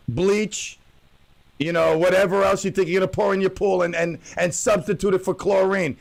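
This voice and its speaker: A man hosting a radio show, ranting loudly about his softball team and mocking whiners in a wailing voice. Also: high-pitched, low-quality recording. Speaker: radio host and softball coach. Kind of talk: animated radio monologue.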